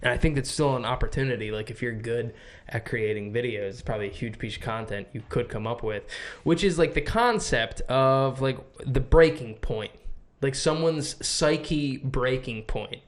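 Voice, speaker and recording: A young man from the United States, co-hosting a podcast in casual chat, rambling and swearing as he tells animated stories. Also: medium pitch, moderate pace. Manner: rambling, profane, animated storytelling. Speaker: podcast co-host.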